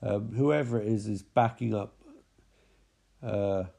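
A man's voice: lowish voice, takes it slowly, vocal fry, warm tone. A man giving a mocking, profane recap of a zombie film with lots of exclamations. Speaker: film commentator.

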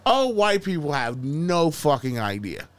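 A man's voice: fairly high pitch, sing-song, unhurried. A man as a podcast guest, telling a story casually in loose slang with heavy swearing.

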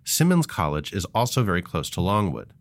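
A man co-hosting a podcast in casual chat, talking in a chatty, halting way and laughing often. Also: sits low, big pitch swings, no room sound. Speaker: podcast co-host.

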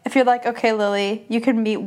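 A woman's voice: fairly high pitch, steady tone, fast, darkish tone. A young woman co-hosting a podcast in casual chat, often asking "you know what I mean". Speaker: podcast co-host.

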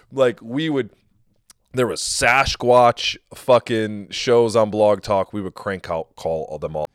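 Low, smooth-voiced man hosting a podcast. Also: animated, moderate pace, dry recording, studio quality. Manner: loose, profane, conversational. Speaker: podcast host. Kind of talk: casual interview chat.

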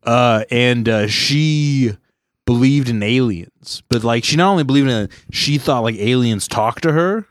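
A man's voice: medium pitch, a little slow, no echo, studio quality. A man hosting a casual comedy podcast, joking, swearing and laughing often. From Southern California.

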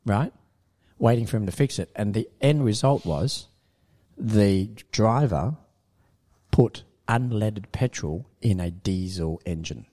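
A man telling an animated story in casual studio chat, laughing often. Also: on the low side, slow.

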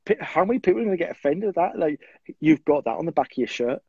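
A man's voice: on the high side, animated, fast talker, mellow, husky, dry recording. A man and military veteran in casual chat, reflective and conversational. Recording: dull, dry lo-fi mic.

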